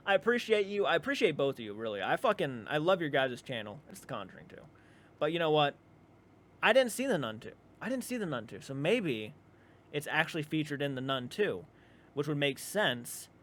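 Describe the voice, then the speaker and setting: Fairly high male voice, casual reaction host, rambly and loose, swears now and then. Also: very animated, moderate pace, fairly bright tone.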